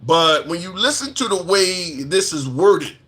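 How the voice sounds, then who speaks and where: A man hosting a live commentary stream speaks with indignant emphasis. He reads out viewer comments and repeats his points to drive them home. His voice sits high and sounds bright and forceful. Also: animated, unhurried.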